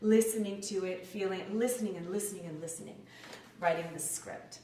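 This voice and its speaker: A woman coach gives a lively talk to a group, acting out speech sounds as she explains them. Her voice sits mid-range and comes from across an echoey room, with faint background hum. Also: medium pitch, brisk, distant mic. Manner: animated, demonstrates sounds aloud. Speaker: acting professor and dialect coach. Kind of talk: lecture talk. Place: lecture room, indoors. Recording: echoey room, picked up from afar.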